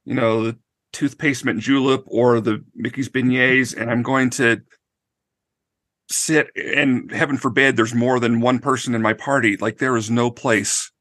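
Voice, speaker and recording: Man, bright tense voice, hesitant, rambling, dry sound. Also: medium pitch, steady tone, a little slow, no room sound. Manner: hesitant, full of fillers and asides. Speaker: podcast panelist. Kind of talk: casual chat.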